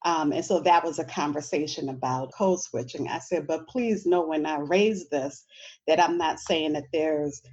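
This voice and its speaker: A woman's voice: deep voice, normal speed, a little mellow, highs cut off. A middle-aged woman from New Orleans, an educator speaking on a panel in a conversational way, often tossing in "you know" and "right?". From New Orleans, USA. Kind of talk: panel discussion.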